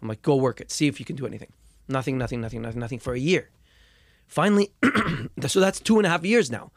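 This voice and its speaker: A young musician, guesting in a casual interview, tells his story quickly at a medium pitch, swearing a lot, repeating words, and getting loud when angry. The recording is dry.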